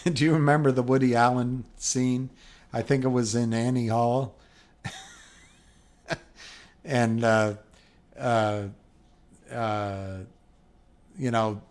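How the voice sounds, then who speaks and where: A middle-aged man hosting a livestream, chatting casually and rambling through viewer comments with frequent chuckles. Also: medium pitch. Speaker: livestream host.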